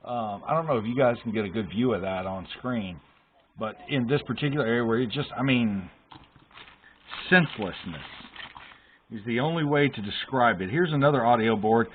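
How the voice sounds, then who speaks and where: A man's voice: medium pitch, normal speed. A man casually walking through a console repair at his workbench, emphatic and exasperated about the shoddy work he found. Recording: tinny phone-like sound with faint hiss.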